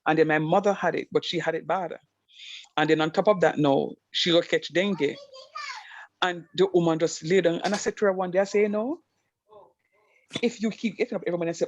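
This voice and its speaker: A man teaches math online, shifting from emphatic stories into steady explanation. His voice sits a bit high. The call audio is dry and dull, with a lo-fi edge. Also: brisk, dry recording. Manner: animated storytelling, emphatic.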